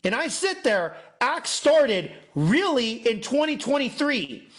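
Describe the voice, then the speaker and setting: A man hosting a masterclass, mixing an emphatic sales pitch with sermon-like preaching, repeating phrases for effect and mimicking doubters. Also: very animated, slow pace, a bit bright. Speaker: host, off-grid masterclass presenter.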